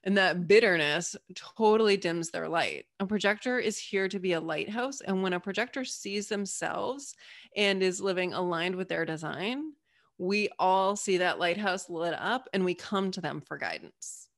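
A woman chatting as a podcast guest, animated and emphatic as she explains ideas and acts out little quoted voices. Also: fairly low pitch, normal speed. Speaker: podcast guest, Human Design reader. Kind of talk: casual podcast conversation.

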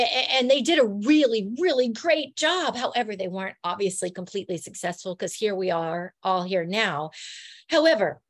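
A woman's voice: medium pitch, no room sound. A middle-aged woman hosting a podcast, earnestly and emotionally recounting a personal experience. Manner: emotional, earnest, animated storytelling. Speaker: podcast host.

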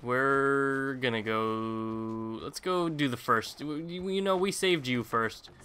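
Man, let's-play commentary, bright tense tone, jokey, rambling asides, slight background hiss. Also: mid-range voice, slow pace. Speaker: gaming YouTuber.

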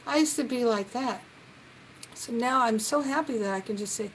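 A woman leading a reflective spiritual talk on a live group call, gentle and earnest, now and then acting out the voices she quotes. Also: fairly high pitch, moderate pace, slight background noise, poor audio.

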